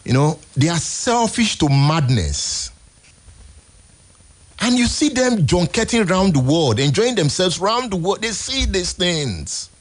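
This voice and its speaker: A Nigerian man hosting a radio show, giving emphatic, exasperated commentary in a husky voice. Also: high voice, big pitch swings, a little slow. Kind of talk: impassioned on-air commentary. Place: radio studio.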